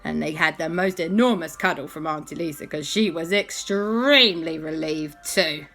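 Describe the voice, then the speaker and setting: A woman telling an animated, playful bedtime story. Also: sits low, normal speed.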